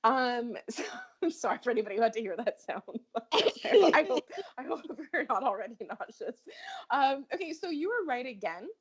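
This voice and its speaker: A woman with a slightly higher voice chats casually on a podcast, animated and quick to laugh. She sounds stuffy from a head cold and often circles back on her own sentences. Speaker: podcast co-host. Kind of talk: casual chat.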